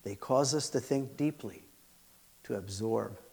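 A man's voice: medium pitch, vocal fry, breathy edge. A man teaching a session for pastors, earnestly presenting and reading aloud a student essay. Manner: earnest, measured, expressive reading.

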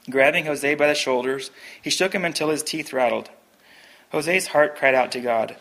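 A man's voice: a little high, normal speed, fairly bright tone. A man reading a Christian story aloud in an earnest, plain storytelling manner, then chatting about it. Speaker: reader.

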